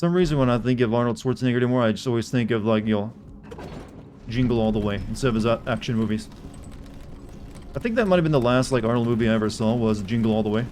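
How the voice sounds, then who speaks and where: A game streamer chats with viewers while casually commenting on his gameplay live, rambling and correcting himself. His mid-range voice is fast with a darkish tone, and there's a little hiss or hum.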